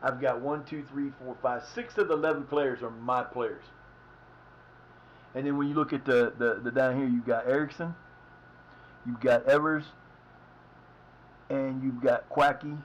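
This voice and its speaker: A man's voice: mid-range voice, steady tone, a little slow, pauses often, slight background noise. A man casually chatting while streaming a football management game, rambling and swearing now and then. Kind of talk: casual live-stream commentary. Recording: slightly dull lo-fi mic.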